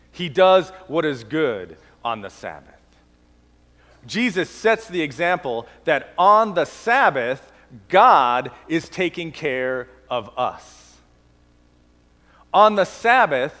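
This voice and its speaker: A male pastor with a cold, preaching a sermon and slowing down to stress key lines. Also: on the high side, a bit bright, in a large hall. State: has a cold.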